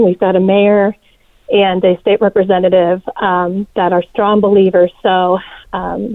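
A woman's voice: mid-range voice, no echo. A woman from Ohio calling in to a radio show as a program director, speaking in a friendly way with many ums. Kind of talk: phone-in call. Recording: tinny phone line.

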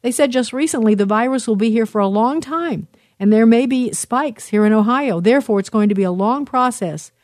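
A woman's voice: on the high side, brisk, darkish tone, no echo, clean studio sound. A middle-aged woman hosting a talk radio show, reading listener messages in an earnest, emotional way with many fillers and restarts.

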